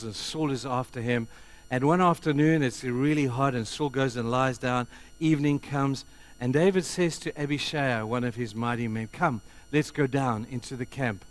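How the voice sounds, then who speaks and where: A man preaching a sermon, retelling stories with lively swings between loud bursts and hushed moments. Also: mid-range voice. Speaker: pastor.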